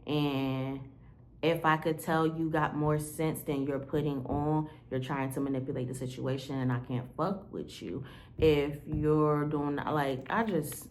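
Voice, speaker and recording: A woman's voice: low voice, fairly even intonation, unhurried, a little mellow, a little hiss or hum. A woman talking to the camera in a candid, rambling diary-style monologue, full of "like" fillers and casual swearing. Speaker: vlogger.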